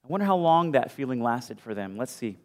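A male pastor preaching a sermon with animated storytelling, moving from loud bursts to hushed asides. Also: mid-range voice, a little fast. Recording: long hall reverb.

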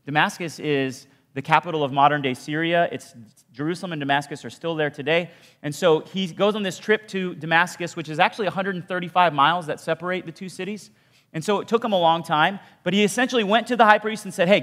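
A man giving a sermon, telling a story in a conversational way with casual asides and dropping low for emphasis. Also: quick pace, a bit bright. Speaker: pastor. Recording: long hall reverb.

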